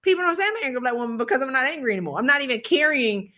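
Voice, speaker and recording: High bright-voiced woman host. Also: very fast. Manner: animated, laughing, acts out quotes. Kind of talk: casual conversational interview.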